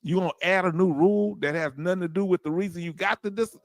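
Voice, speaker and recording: A man's voice: sits high, fast, no echo. An older man with a Southern US accent hosting a casual livestream, emphatically talking to viewers he calls family and reading their comments aloud. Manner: emphatic, preachy, chuckling, addresses viewers as family. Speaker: livestream host and veteran.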